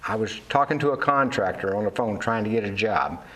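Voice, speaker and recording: His voice sits on the low side, fairly quick, pushed and bright. The older Navy veteran and fishing captain rambles candidly through his life story in an interview, with many fillers and restarts, acting out other people's voices along the way.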